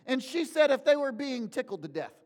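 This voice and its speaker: A man preaching a sermon to his congregation, telling stories in an animated way. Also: very high voice, a little fast. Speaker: pastor. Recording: long hall reverb.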